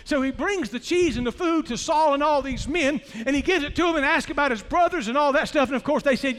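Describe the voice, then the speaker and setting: A man preaching an animated, folksy sermon, telling the story with loud outbursts. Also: extremely high pitch, a little fast, hardly any pauses. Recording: reverberant hall.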